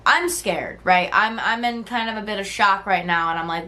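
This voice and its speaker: Addressing the camera in a relaxed vlog style, a woman in her twenties opens up about a personal story at normal speed in a mid-range voice. Frequent "like" and "right?" fill her candid talk, she swears freely, and she acts out old text messages in quoted voices.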